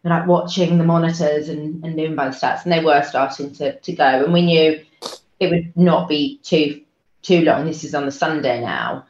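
A woman guest telling an emotional personal story, soft-spoken and halting, with many fillers and restarts. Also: deep voice. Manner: soft-spoken, trying to hold it together. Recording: roomy, dull lo-fi sound.

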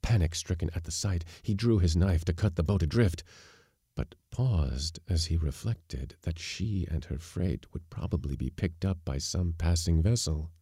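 A man narrating a short story in a steady, measured reading for a podcast. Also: sits low, husky, no echo, clean studio sound. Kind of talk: scripted audiobook narration.

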